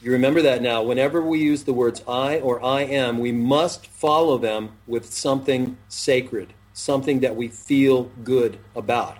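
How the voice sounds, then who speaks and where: Middle-aged male self-help host, husky, preachy, drags out key phrases for emphasis. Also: mid-range voice, measured pace, hardly any pauses, a little mellow. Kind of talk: motivational talk-show chat.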